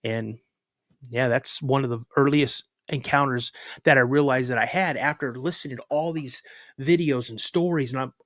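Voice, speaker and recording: Male guest, mid-range voice, lively halting storytelling, dry recording. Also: medium pitch, dry recording. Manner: animated retelling with restarts and acted-out quotes. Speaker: podcast guest, cryptid researcher. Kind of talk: casual personal storytelling.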